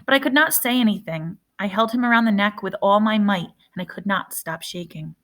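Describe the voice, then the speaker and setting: A woman reading a novel aloud, measured and hushed, with dramatic pauses between phrases. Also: medium pitch. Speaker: reader.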